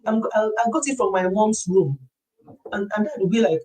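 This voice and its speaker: A middle-aged woman hosting a wellness show, chatting to a group in a lively, confiding storytelling way. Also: mid-range voice, moderate pace, poor audio. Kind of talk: casual chat to a group.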